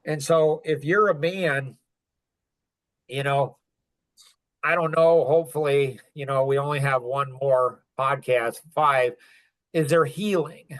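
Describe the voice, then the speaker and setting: A man's voice: medium pitch, slow pace, long pauses, fairly bright tone. A middle-aged man speaking intensely in an emotional podcast conversation, rising to angry outbursts. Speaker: podcast guest sharing his story.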